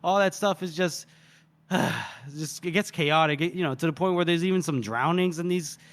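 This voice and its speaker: Man, podcast co-host, casual book recap, acts out dialogue, slightly high pitch. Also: normal speed. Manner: acts out the characters' lines with small voice shifts and laughs. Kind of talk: casual retelling of a book chapter.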